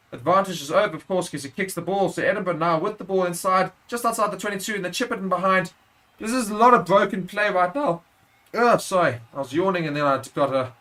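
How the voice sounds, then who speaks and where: A man's voice: on the high side, fairly bright tone. A man giving live play-by-play commentary on a rugby match for a watchalong stream, correcting himself as he goes and rising sharply at big moments.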